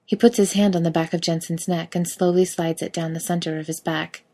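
A woman's voice: fairly low pitch, steady tone, brisk, dark tone. A woman narrating a story aloud in a wry, casual reading style. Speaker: reader.

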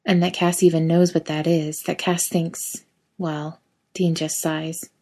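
Low-voiced woman reading fiction aloud. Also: little pitch movement, a little slow, darkish tone. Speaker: narrator.

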